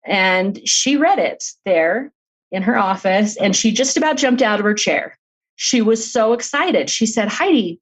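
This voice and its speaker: A woman's voice: mid-range voice, lively intonation, measured pace, poor audio. A middle-aged woman, an author guest on a podcast interview, telling her personal story in an earnest, open way with light laughs.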